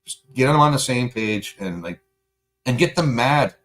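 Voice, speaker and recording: A Canadian livestream host answers chat in a casual but heated ramble, swearing a lot and using plenty of fillers. His medium-pitched voice is animated and fairly bright, at normal speed.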